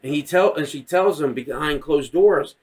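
A man's voice: a little high, moderate pace, a little mellow. A man co-hosting a podcast, chatting casually and profanely, acting out scenes with silly voices. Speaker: podcast co-host. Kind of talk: casual chat.

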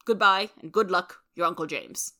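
A woman's voice: fairly low pitch, normal speed, pushed and bright. A woman reading out the letter of a stern, cold elderly uncle in a storybook, firm and formal.

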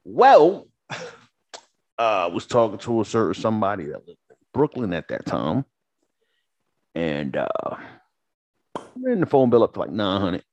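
A man in his forties co-hosts a podcast, spinning loose, profane stories with plenty of swearing. His low voice swings widely up and down as he acts out the people in each tale. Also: wildly swooping pitch, a little slow, pauses often, darkish tone, dry recording. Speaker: podcast co-host. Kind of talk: casual storytelling chat.

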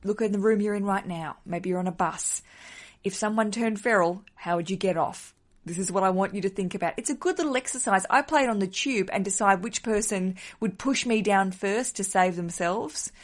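A woman's voice: mid-range voice, moderate pace. A woman hosting a casual solo podcast, chatty and giggly, with a self-deprecating humor. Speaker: podcast host.

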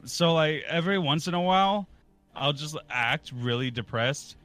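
A man's voice: a little high, animated, moderate pace, fairly bright tone. A man hosting a casual chat stream, joking and playful, with faint music in the background. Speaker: stream host.

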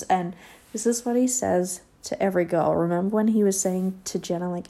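A woman's voice: fairly low pitch, normal speed, mellow. Sarcastic woman rambling through a recap. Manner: rambling and sarcastic, with many fillers. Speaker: reality show recapper. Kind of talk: casual recap chat.

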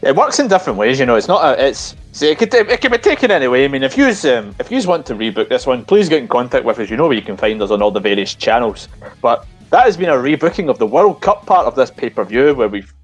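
Brief: male podcast host, husky, lively pitch, casual rambling chat. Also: quick pace, faint music behind. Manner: relaxed, rambling, restarts often.

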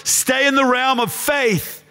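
A middle-aged man preaching a sermon as a pastor, impassioned, swinging from shouts to hushed storytelling. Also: extremely high pitch, steady tone, slow pace, clean tone. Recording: long hall reverb.

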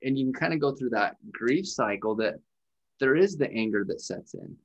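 A man's voice: medium pitch, lively intonation, normal speed, dull audio. A man hosting a conversation, reflecting thoughtfully on grief, with many fillers.

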